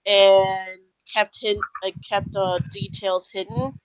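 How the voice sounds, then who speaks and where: A woman's voice: mid-range voice, flat delivery, slow, clean tone, dry recording, poor audio. Hesitant woman in casual voice chat. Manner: hesitant, searching for words with many fillers; indignant, swears.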